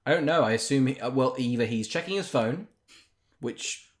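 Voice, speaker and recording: A man co-hosting a podcast, chatting casually about a film in an excitable, teasing way. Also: medium pitch, normal speed. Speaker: podcast co-host. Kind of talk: casual film-review chat.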